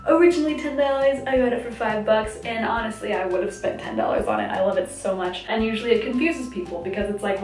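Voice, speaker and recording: A young woman chatting about her monthly favorites in a bubbly, giggly way, recorded at home. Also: on the high side. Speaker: vlogger. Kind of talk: casual favorites vlog. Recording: echoey room, mic at a distance.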